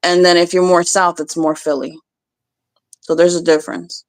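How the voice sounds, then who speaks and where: A woman's voice: fairly low pitch, flat delivery, normal speed, dry recording. A woman with a New Jersey accent in casual chat, blunt and profane.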